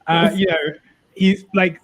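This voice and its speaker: A man's voice: high voice, little pitch movement, unhurried. A man co-hosting a podcast, talking in a wry, rambling way and often breaking into laughter. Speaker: podcast co-host. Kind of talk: casual comedic chat.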